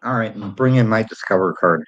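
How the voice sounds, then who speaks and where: A man's voice: fairly low pitch, a little fast, a bit bright, dull audio, slight background noise. A man hosting a livestream in casual chat, greeting and answering viewers by name. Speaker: livestream host.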